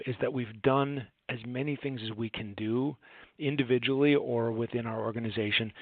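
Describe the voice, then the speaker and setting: A man in his forties who owns a home care agency presents a training session, earnest and conversational, telling stories full of fillers, asides and rhetorical "right?" questions. His mid-range voice is slightly rough, and the dry audio sounds tinny, like a phone.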